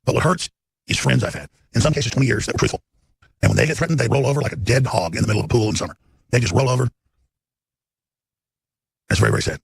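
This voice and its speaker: A man's voice: mid-range voice, fast talker, creaky, long pauses, husky, no room sound. A man in his forties hosting a talk show, delivering an unscripted, emphatic, rambling live monologue.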